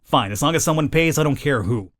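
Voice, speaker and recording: A man's voice: on the high side, expressive, fast, fairly bright tone. A man voicing an impatient, rude male cab driver with an attempted British accent. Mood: curt. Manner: curt, scornful.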